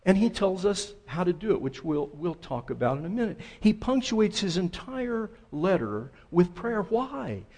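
Conversational male preacher, slightly high voice. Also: very animated, unhurried, few pauses, a little mellow. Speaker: pastor. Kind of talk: sermon.

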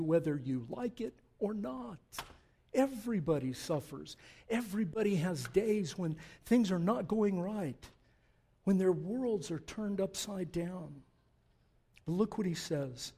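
A man in his sixties delivers a sermon in a fairly high yet mellow voice. He drives his main points with loud emphasis, then falls back into quiet, reflective asides. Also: expressive, unhurried, slightly rough. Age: 60s. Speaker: pastor.

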